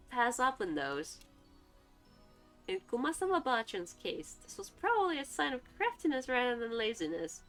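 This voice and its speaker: A woman's voice: fairly high pitch, a bit bright. A woman streamer reading a visual novel aloud, breaking off for chatty, laughing asides. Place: home streaming setup. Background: faint background music.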